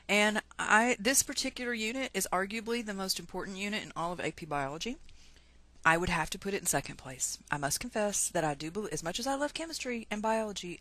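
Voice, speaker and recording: A woman's voice: lowish voice, sharp tone, no echo. A middle-aged woman with a Texan twang, teaching science in a chatty, self-deprecating screencast lecture.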